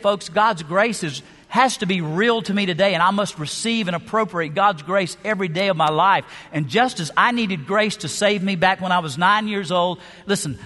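A man's voice: high voice, bright, forceful tone. A man preaching a sermon as pastor, emphatic, with rhetorical questions and shifting pace. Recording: long hall reverb.

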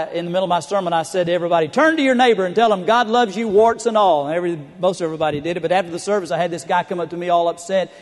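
A middle-aged male pastor preaches a sermon, telling humorous stories and building to emphatic points with a rising delivery. His voice is high and carries a long reverb tail.

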